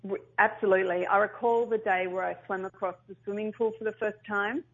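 In an interview, a middle-aged woman who founded a company tells her story earnestly in a mid-range voice at a fairly quick pace. She's animated and often restarts her sentences, and the recording sounds muffled and lo-fi.

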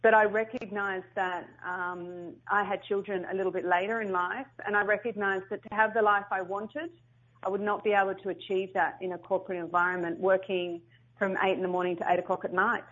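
A woman's voice: mid-range voice, a little fast. A middle-aged woman, a company founder telling her story earnestly in an interview. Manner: earnest, animated storyteller with restarts. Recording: muffled lo-fi sound.

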